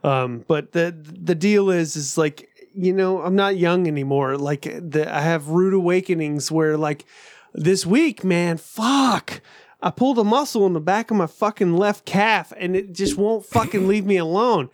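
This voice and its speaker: A man's voice: sits high, unhurried, dry recording, clean studio sound. A man in his thirties talking casually on a podcast, rambling and swearing freely, mocking himself. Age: 30s. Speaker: podcast co-host. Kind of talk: casual profane chat.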